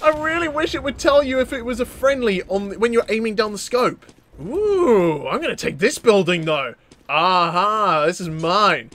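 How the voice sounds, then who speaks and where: This is a young man on a gaming YouTube channel, riffing playfully over a shooter game at a moderate pace. His voice sits high, and his excitement often has him stumbling over words.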